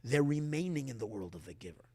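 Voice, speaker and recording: Male rabbi, impassioned class, lively swings from hushed to loud, reverberant hall. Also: medium pitch, fast, slightly rough. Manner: animated, voices the body and Earth speaking, swings from hushed to loud. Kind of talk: Torah class.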